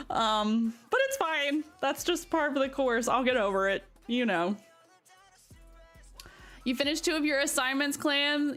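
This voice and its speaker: A giggly woman with a Southern American accent chats casually with her live stream audience. She welcomes viewers brightly by name. Faint background music plays beneath her voice. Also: a little high, lively intonation, unhurried. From Southern United States.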